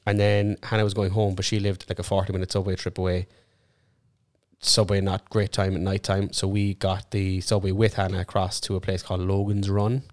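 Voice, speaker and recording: Casual sweary irish lad telling stories on a podcast, lowish voice, no room echo at all. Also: male voice, little pitch movement, a little fast, a little mellow, studio quality. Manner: sweary, rambling anecdotes. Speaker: podcast co-host. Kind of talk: casual chat, storytelling.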